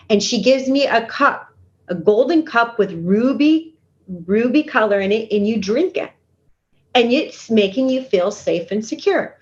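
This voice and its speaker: A woman's voice: on the high side, moderate pace. A woman speaking as an interview guest and intuitive healer, giving earnest, coaching advice and acting out her inner dialogue. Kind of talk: conversational interview. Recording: dull lo-fi remote audio.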